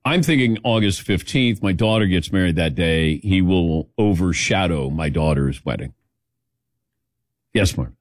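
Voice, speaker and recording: Middle-aged man, talk show host, low voice, lively swinging delivery, jokey, dry studio sound. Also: a little slow, dry recording. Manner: jokey, laughs often, calls on his crew. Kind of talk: casual studio banter.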